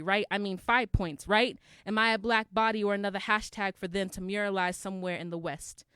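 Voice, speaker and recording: A woman's voice: mid-range voice, a bit bright, clean tone, no room sound, clean studio sound. A young adult woman performing spoken word poetry at an open mic, with rhythmic, emphatic delivery and call and response with the crowd.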